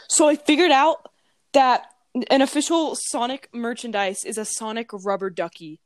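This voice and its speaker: A woman's voice: on the high side, unhurried, no room sound. A young woman co-hosting a casual podcast, joking around and laughing often as she talks into a desk mic. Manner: goofy, jokey, laughs often. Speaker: podcast co-host. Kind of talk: casual chat between friends. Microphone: headphones and a desk mic.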